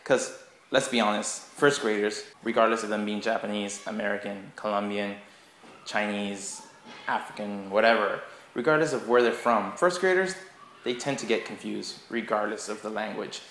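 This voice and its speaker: A man teaching in a casual tutorial vlog, animated and chatty as he walks through a game for kids. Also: lowish voice, moderate pace, slight background noise. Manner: animated, acts out kids' voices. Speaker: English teaching assistant. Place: school classroom. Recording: roomy classroom echo.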